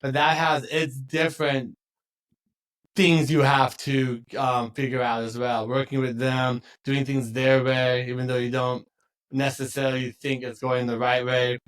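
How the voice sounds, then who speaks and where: A man hosting a podcast, talking in a relaxed, chatty way and laughing often. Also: mid-range voice, measured pace. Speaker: podcast host. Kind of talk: casual conversation.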